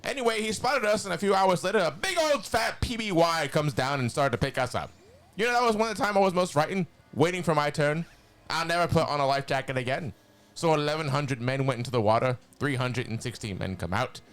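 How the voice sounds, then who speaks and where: A man's voice: a little high, expressive, brisk, fairly bright tone, pitched above the performer's own voice. A man voicing Skeletor, an evil skeletal sorcerer, reading a long dramatic monologue in a nasal, sneering voice. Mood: menacing. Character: evil skeletal male sorcerer, cackling villain.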